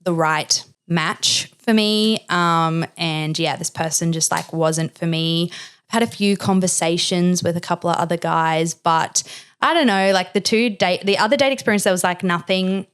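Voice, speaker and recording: A woman's voice: on the low side, normal speed, clean tone. Chatty woman host telling a story. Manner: chatty, filler-heavy, expressive quoting. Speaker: podcast host. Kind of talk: candid storytelling chat.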